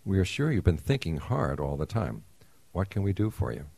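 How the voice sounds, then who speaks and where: A man reading as a genial, booming creator god. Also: sing-song, moderate pace, vocal fry, darkish tone, dry recording, exaggerated voice, low-quality recording. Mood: benevolent.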